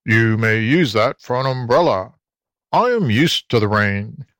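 A man voicing a gruff male toad who grunts slowly. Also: mid-range voice, lively intonation, a bit bright, dry recording, studio quality. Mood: kindly. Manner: grunting slow.

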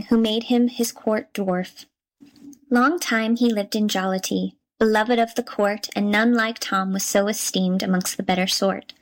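A woman narrating a fairy tale in a measured, gently expressive storybook reading. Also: mid-range voice, poor audio.

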